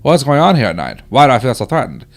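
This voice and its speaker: A man's voice: medium pitch, huge pitch swings, quick pace, pitched above the performer's own voice. A man reading a wounded soldier's letters aloud in an old-timey, put-on British voice. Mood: fearful. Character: wounded young male WWI soldier writing letters.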